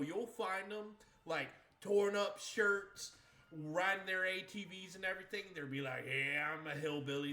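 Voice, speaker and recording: Chatty streamer from Maine, bright and echoey. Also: male voice, on the high side. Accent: New England with some Southern creeping in. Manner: chatty, rambling, laughs easily. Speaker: livestream gamer. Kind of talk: casual chat while streaming. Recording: echoey room with faint game music.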